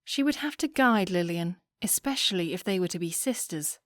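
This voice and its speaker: Woman, audiobook narrator, calm even telling, dry close sound. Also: on the low side, normal speed, no room sound.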